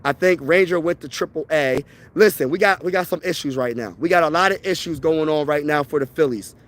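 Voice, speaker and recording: A man's voice: a little high, fairly quick, a bit bright. A man, giving a casual, worked-up sports rant as a fan vlogger, slangy and repetitive. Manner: worked-up, repetitive, slangy, says "bro" a lot.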